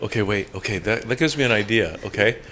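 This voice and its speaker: A man with a fairly low, bright and forceful voice throws out ideas in an animated way, often checking for agreement. Faint background noise sits under him. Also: fast talker. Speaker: meeting participant. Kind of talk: casual group discussion.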